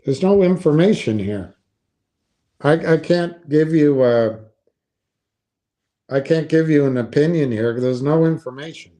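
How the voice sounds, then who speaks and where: A man's voice: on the high side, unhurried, pauses often, warm tone. A man giving casual, skeptical commentary on investing, thinking aloud and reading from a website.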